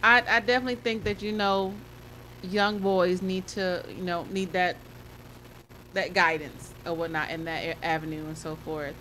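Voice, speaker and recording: Relaxed woman chatting, laughing easily. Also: fairly low pitch, normal speed, slight background noise. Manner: relaxed, laughs while telling stories. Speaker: podcast co-host; mother of a football player. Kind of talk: casual chat.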